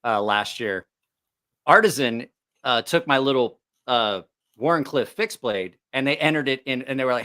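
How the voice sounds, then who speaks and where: A man with a bright, forceful voice hosts a relaxed podcast chat. He tells animated stories and jumps up in pitch whenever he quotes someone. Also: moderate pace. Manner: animated storyteller, jumps pitch when quoting people. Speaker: podcast host.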